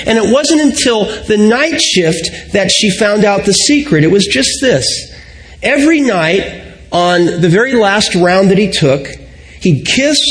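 A middle-aged male pastor delivering a sermon in a high-pitched voice. He tells his stories reflectively, easing down and going quieter when he lands his main points. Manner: reflective storytelling, slowing and softening on key points.

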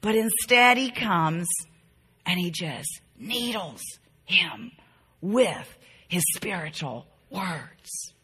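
A woman's voice: fairly low pitch, lively intonation, drawn-out words, bright, forceful tone, breathy edge. A middle-aged woman teaching a Bible class to women, earnest and tender, repeating key phrases to drive them home. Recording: reverberant hall.

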